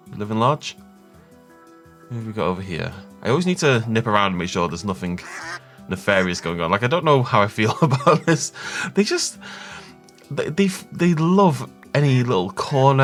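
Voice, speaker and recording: A man's voice: fairly low pitch, fairly bright tone. A man hosting a Minecraft let's-play, rambling and thinking aloud as he chats casually with his viewers. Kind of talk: casual gameplay commentary.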